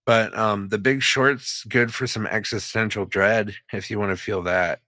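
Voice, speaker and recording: A man's voice: lowish voice, steady tone, measured pace, sharp tone, no echo, clean studio sound. A young man co-hosting a podcast in casual chat, swearing freely and laughing often. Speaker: podcast co-host.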